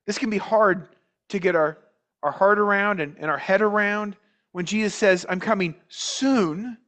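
High-voiced male pastor preaching deliberately. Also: sharp tone. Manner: measured preaching with repeated words and rhetorical questions. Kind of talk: sermon.

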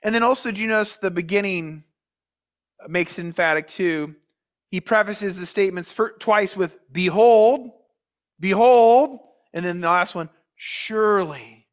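A man preaching a sermon as pastor, speaking in a measured way with frequent restarts, repeated words and rhetorical questions to the congregation. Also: high voice, fairly bright tone.

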